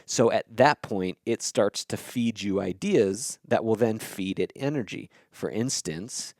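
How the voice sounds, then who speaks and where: A man with a fairly low voice lays out his ideas in a loose, unscripted monologue. He is blunt and swears freely, and keeps checking in with the listener as he goes. The sound is dry and close, with no room around it. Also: animated, unhurried, darkish tone, dry recording. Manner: blunt and profane, checks in with "okay?" and "right?". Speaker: podcast host. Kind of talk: casual explanatory monologue.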